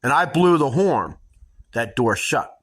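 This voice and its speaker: A middle-aged woman host telling dramatic personal stories to her viewers in a casual, animated way. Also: very deep voice, measured pace, slightly rough. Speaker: homestead channel host.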